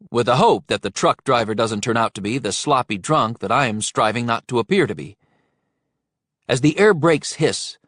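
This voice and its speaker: A man's voice: medium pitch, a bit bright, no echo, clean studio sound. Wry male audiobook narrator. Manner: wry, dryly humorous storytelling. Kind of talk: first-person thriller narration.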